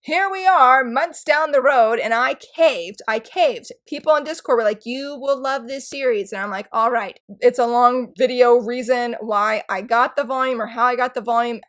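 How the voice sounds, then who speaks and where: A woman in her thirties talks straight to her viewers in a casual book vlog. Her voice sits a little high, and she gushes and rambles with bubbly excitement. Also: normal speed, few pauses. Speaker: book YouTuber.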